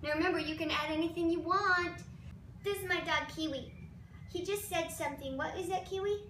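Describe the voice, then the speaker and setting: Brief: playful woman host of a home cooking demo, high voice, mic far off in a roomy kitchen. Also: a little fast, a bit bright. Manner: chatty, playful, self-deprecating. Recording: roomy, distant, noisy kitchen recording.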